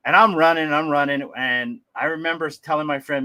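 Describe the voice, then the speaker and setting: A man tells a long story on a livestream. His voice is bright and forward. He talks in a lively way, laughs often and slips into other people's voices as he goes. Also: on the high side, a little fast. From Hawaii. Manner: animated, laughing, acts out voices. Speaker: livestream host. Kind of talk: casual storytelling.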